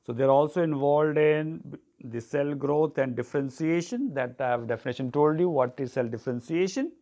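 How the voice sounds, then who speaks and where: A teacher giving a tutorial, dictating notes, spelling terms letter by letter, often saying "okay". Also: male voice, a little high, lively intonation, normal speed, darkish tone. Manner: repeats "okay" and "so", clears throat often. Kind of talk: classroom tutorial.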